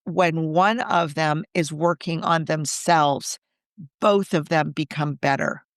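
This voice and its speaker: Earnest woman with a smooth, dry voice. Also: low voice, slow pace, no room sound. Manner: earnest, reflective, speaks in lists and rhetorical questions. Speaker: Catholic coach and podcast co-host. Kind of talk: conversational podcast chat.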